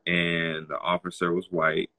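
Low-voiced man telling stories animatedly. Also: a little slow. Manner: animated, acts out other people's lines in a raised voice. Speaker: guest telling personal stories. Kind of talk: casual conversational storytelling.

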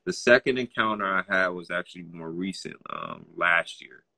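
A young man with a low, bright, forceful voice tells personal stories in relaxed conversation. He acts out the other people in his stories with lively changes of voice. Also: moderate pace, creaky. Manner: animated, acts out other people's lines in a raised voice. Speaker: guest telling personal stories. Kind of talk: casual conversational storytelling.

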